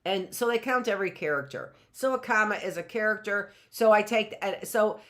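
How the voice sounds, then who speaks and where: A woman's voice: medium pitch, normal speed, a bit bright. A middle-aged woman teaching a grammar lesson in a chatty way, often checking in with "right?" and laughing at herself.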